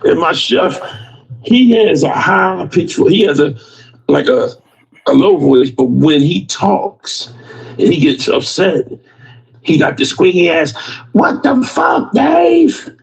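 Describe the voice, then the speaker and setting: A man telling a story slowly in a casual chat. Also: a little high, vocal fry. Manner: slow, drawn-out storytelling with laughs. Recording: dull lo-fi sound.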